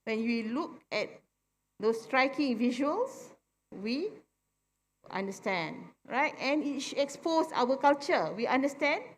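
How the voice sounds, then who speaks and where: A woman's voice: sits high, sing-song. A middle-aged woman with a Malaysian English accent gives a public talk to an audience, often asking "right?" to check that they follow. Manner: keeps asking "right?" for agreement, explains slowly and plainly. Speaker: forum speaker. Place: convention centre hall. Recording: long hall reverb from a convention centre.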